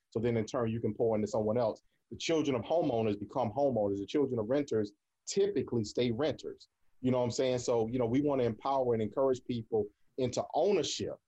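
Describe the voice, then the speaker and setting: Male radio host, mellow tone, upbeat and encouraging, repeats himself for emphasis. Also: mid-range voice, slightly rough. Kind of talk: casual radio talk.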